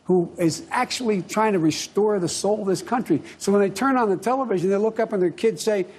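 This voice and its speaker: A man's voice: sits high, brisk, a little mellow, breathy edge. A man giving assertive, folksy answers in a television interview clip. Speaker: interviewed politician.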